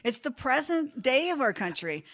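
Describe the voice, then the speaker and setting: A woman co-hosting a podcast who chimes in earnestly and urges listeners to act, her voice quiet and away from the mic. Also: high voice, very animated, normal speed, crowd noise. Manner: earnest agreement, urging listeners on. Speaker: podcast co-host. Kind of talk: casual podcast chat.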